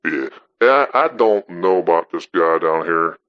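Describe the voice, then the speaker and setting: Playing a skeptical radio caller, a man with a low, animated voice scoffs at the farmer, brushing him off bluntly and swearing casually. He takes his time, and the audio sounds dull and muffled.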